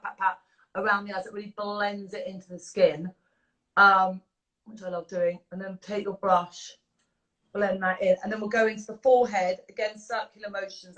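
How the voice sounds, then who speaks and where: A woman's voice: mid-range voice, a bit bright, rough recording. A woman, a makeup artist and beauty founder, chatting effusively while demonstrating makeup over a video call, with many fillers. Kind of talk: casual chat with makeup demonstration.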